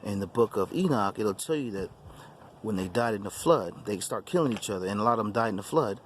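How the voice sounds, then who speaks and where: A man's voice: lowish voice, lively intonation, brisk, a little hiss or hum. A man hosting his own channel, telling a personal testimony story in an emphatic, repetitive way. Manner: repetitive, emphatic, restarts phrases. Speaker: YouTube channel host.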